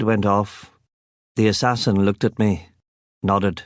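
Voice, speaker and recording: A man's voice: on the low side, flat delivery, a little slow, long pauses, no echo. A man narrating a first-person crime novel as an audiobook, with a wry, sardonic delivery on a close studio mic.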